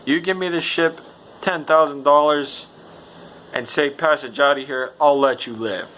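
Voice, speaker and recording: A man's voice: on the high side, measured pace, fairly bright tone, poor audio. Man reciting a ruthless outlaw leader. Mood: menacing.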